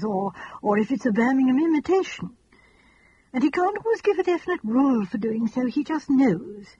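A woman reading an audiobook, voicing a gentle, fussy elderly spinster who talks in a chatty, earnest, rambling, old-fashioned way. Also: on the high side, muffled recording, a little hiss or hum, natural voice.

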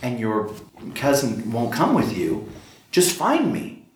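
A man voicing a friendly, easygoing husband who talks in a calm, reassuring way. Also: mid-range voice, takes it slowly, echoey room, slight background noise, rough recording.

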